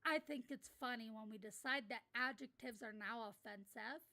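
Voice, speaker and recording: A woman's voice: a little high, moderate pace, sharp tone. A woman livestreamer in a casual rant, talking bluntly and heatedly, with plenty of swearing. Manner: blunt, profane, heated ranting.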